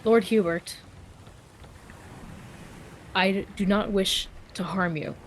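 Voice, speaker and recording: A woman playing a calm, formal knight. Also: medium pitch, a little hiss or hum, poor audio. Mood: reassuring. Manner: slow, deliberate and formal. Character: calm, measured knight, steady and reassuring.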